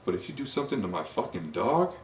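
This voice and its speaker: Male streamer, lowish voice, loose cursing ramble, roomy sound picked up from across the room. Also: sing-song, fast talker, a little hiss or hum. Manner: profane, rambling, full of fillers. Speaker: live streamer. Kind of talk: rambling live-stream monologue. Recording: echoey room, far from the mic.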